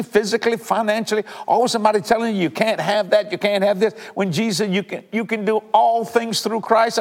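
An older man, preaching and praying on a televised sermon, fervent and emphatic, repeating lines for effect and swinging between loud declarations and hushed, earnest asides. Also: very high voice, long reverb tail.

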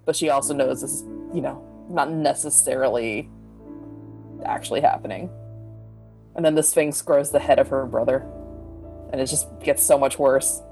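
A woman's voice: extremely low pitch, moderate pace, long pauses, warm tone, faint music behind. A woman playing a tabletop game, describing what her character feels in a loose, chatty way full of filler words. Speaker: player.

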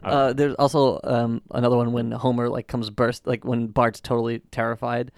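A man's voice: medium pitch, little pitch movement, normal speed, gravelly, no room sound, studio quality. A man co-hosting a casual chat, rambling and laughing often as he talks.

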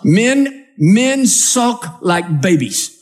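Animated high-voiced male preacher. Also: extremely slow. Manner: animated storytelling, acts out scenes. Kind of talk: humorous sermon with scripture reading. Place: church with a live audience.

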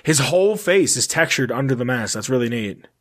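A man's voice: medium pitch, expressive, a little fast, a bit bright. A man hosting a casual podcast, reading notes aloud and breaking off for offhand, sometimes profane asides. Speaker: podcast host.

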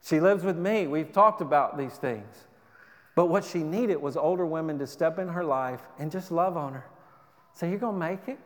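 A man's voice: a little high, moderate pace. A man pastor preaching a sermon in a church, earnest and exhorting, often restarting his sentences. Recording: long reverb of a hall.

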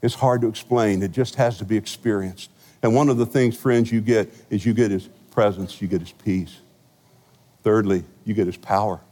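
A male senior pastor preaches a sermon in a large church sanctuary, telling stories with humor and big swings in loudness. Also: lowish voice, fairly even intonation, normal speed, big-room sound.

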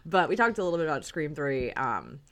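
A woman's voice: low-pitched, sing-song, a little fast, fairly bright tone. A woman hosting a podcast in casual chat, talking freely with frequent laughs and fillers. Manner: chatty, laughs often, lots of fillers. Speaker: podcast host.

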